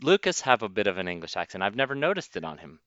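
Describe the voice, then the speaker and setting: A man with a bright, clear, forceful voice chats loosely and laughs often as a podcast co-host. His backup mic gives a dry, dull, lo-fi sound with no room echo. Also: lowish voice, fast talker. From United States. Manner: laughs easily, relaxed and chatty. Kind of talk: casual chat. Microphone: backup mic, low fidelity.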